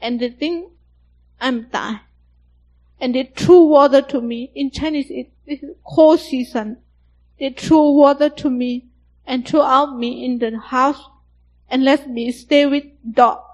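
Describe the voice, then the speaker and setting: A young woman from Thailand, giving personal testimony in halting, simple broken English. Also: high-pitched, steady tone, darkish tone, low-quality recording.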